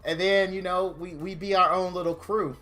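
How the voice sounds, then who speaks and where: A male game streamer with a somewhat high voice talks from his game room at home. He rambles warmly and wears his feelings openly as he chats with his viewers, and faint music plays behind him. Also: fairly even intonation, normal speed. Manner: gushing, openly emotional, rambling. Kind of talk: casual stream chat.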